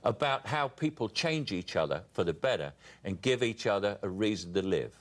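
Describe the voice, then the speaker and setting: Cockney older man, lively storyteller. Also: fairly low pitch, normal speed. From England. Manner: storytelling with quoted dialogue. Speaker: guest. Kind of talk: talk show chat. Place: TV studio with audience.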